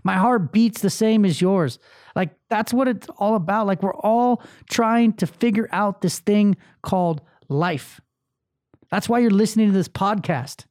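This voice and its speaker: A man's voice: high-pitched, a little slow, darkish tone, dry recording, studio quality. Blunt, profane man venting on his podcast. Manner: blunt, profane, emotionally open. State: angry, having a bad day. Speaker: podcast host. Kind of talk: solo motivational podcast monologue.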